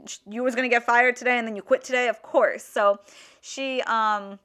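A woman in her twenties hosting a podcast, telling a story in a casual, animated way with lots of "like". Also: on the high side, normal speed. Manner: chatty, heavy use of "like", animated retelling. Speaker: podcast host.

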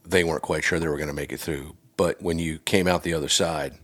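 A man hosting a casual interview podcast and working as a golf teacher, chatty and quick with short affirmations. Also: very deep voice, steady tone, fairly bright tone.

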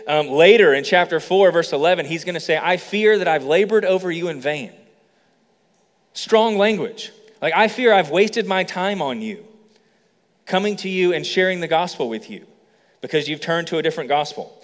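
A man preaching a sermon with animated energy, his voice sitting a touch high for a man. He acts out quoted lines with rising intensity. The voice carries a long reverb from a large hall. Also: normal speed. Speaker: pastor.

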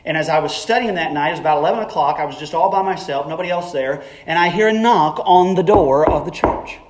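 A man's voice: a little high, fast. A middle-aged man preaching a sermon as a pastor, telling a story in a conversational way that climbs to emphatic peaks.

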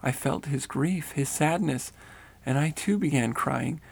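A man reading a first-person spiritual story aloud in a steady, earnest way. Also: medium pitch, a little slow, creaky, husky, no room sound.

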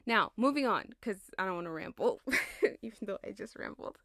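A tired woman in her twenties talks through a loose, rambling monologue, slangy and quick to laugh at herself. Her voice sits at an ordinary middle pitch. It is recorded close up in a dry, dead room. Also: expressive, pushed and bright, no echo. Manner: chatty, laughs and digresses, slangy. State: tired, yawning. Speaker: podcast host.

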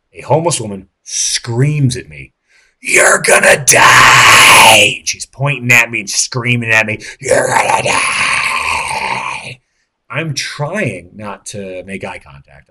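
A man in his late thirties, a podcast host, telling a rambling, excitable story with lots of fillers, restarts and swearing. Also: lowish voice, slightly rough. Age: late 30s. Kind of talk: casual storytelling monologue.

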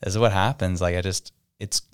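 A man's voice: sits low, steady tone, fairly quick, clear, resonant tone, dry recording, clean studio sound. A man co-hosting a podcast, chatting casually and acting out the people in his stories. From Canada. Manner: storytelling, acts out quoted people. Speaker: podcast co-host. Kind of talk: casual chat.

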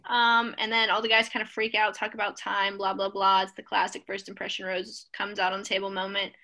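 A woman co-hosting a podcast, recapping a TV show in an opinionated, animated casual chat. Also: medium pitch, fairly quick, rough recording. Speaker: podcast co-host.

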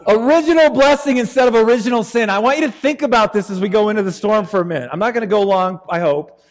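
High-voiced, joking male preacher. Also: fast, big-room sound. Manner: animated, joking and conversational. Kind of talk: sermon.

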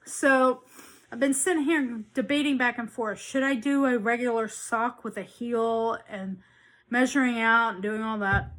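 Chatty, rambling woman with a higher voice. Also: fairly even intonation, unhurried, fairly bright tone. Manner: rambling, chatty, with frequent restarts and self-corrections. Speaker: knitting podcast host. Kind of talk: casual chat.

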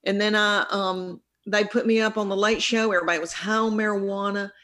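A woman's voice: medium pitch, steady tone, a little fast, fairly bright tone. A middle-aged woman with a thick Southern accent tells stories in a casual interview. She rambles in a folksy way and often cuts herself off to start again. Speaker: comedian guest.

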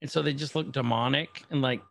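A man's voice: mid-range voice, brisk, vocal fry. Casual man retelling scenes animatedly. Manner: animated storytelling, acting out scenes in quoted voices. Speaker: co-host reacting to a series. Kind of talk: casual chat.

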